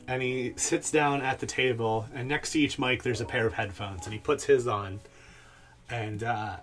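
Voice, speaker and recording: A man's voice: medium pitch, normal speed. Laid-back male game master. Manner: relaxed, filler-heavy narration. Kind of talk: narrating a tabletop game.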